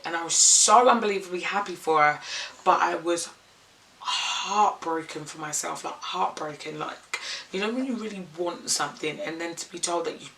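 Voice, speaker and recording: A woman's voice: lowish voice, sharp tone, a little hiss or hum. A young woman and makeup artist, rambling candidly in an unscripted vlog and swearing freely.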